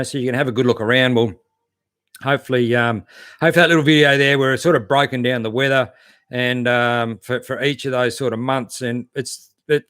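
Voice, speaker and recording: An Australian four-wheel-driving channel host reads out viewer comments during a casual live stream, chatting in a matey, relaxed manner full of fillers. His fairly bright, mid-range voice is studio quality with no room sound.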